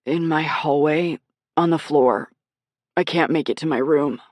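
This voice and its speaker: Woman reading sick young guy, gritty and weak, low voice, sheepish, audiobook. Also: unhurried, a little mellow, dry recording. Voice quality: gritty, rough. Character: young man sick with food poisoning, miserable.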